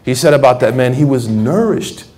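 A man giving a conversational, animated sermon, acting out the voices of people he quotes. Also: medium pitch, normal speed. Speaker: preacher. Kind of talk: lecture sermon.

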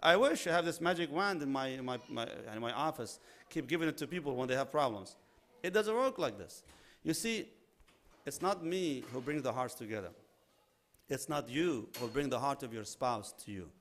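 A man preaching a sermon, animated, acting out little dialogues and mixing in Arabic religious phrases. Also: medium pitch, normal speed. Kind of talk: sermon on marriage.

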